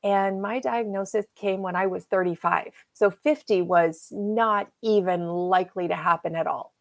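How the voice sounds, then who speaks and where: A woman's voice: medium pitch, normal speed, gravelly. A woman in her fifties, an interview guest, telling a personal story with emotion and acting out what people said to her. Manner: emotional, animated retelling with acted-out quotes.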